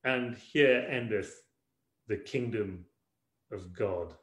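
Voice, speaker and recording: A man's voice: lowish voice, slow pace, a bit bright, roomy sound. A man voicing a petty, vindictive Jesus in a mocking Texas drawl, in a sermon. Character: petty vindictive Jesus as a loud male Texan.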